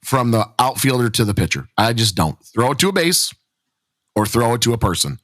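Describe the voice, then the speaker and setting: A man's voice: mid-range voice, very animated, brisk, a bit bright, no room sound. Emphatic man, dry close sound. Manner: emphatic, pleading, laughs often. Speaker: podcast co-host, softball coach. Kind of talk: casual podcast chat.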